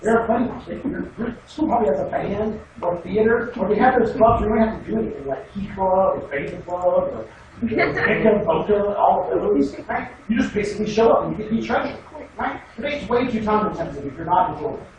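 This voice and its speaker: A man's voice: high-pitched, lively intonation, fairly quick, muffled recording. A man giving a casual classroom lecture on debate, wry and sarcastic, sometimes mocking students in put-on voices. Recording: echoey room from far off, noisy.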